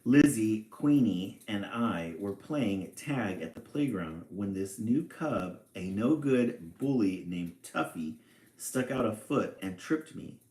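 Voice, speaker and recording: A man's voice: on the low side, animated, slow, darkish tone. Tearful little girl bear cub, as a man reads her aloud. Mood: upset, indignant. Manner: indignant, emphatic. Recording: echoey room.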